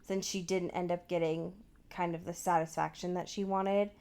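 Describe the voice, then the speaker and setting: A woman co-host talks through a TV recap at an unhurried pace, her pitch sitting in an ordinary middle range. She speaks loosely and profanely, leaning on fillers and acting out what the characters said. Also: level tone, darkish tone. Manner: loose, profane, full of fillers and acted-out quotes. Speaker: podcast co-host. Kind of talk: casual episode recap chat.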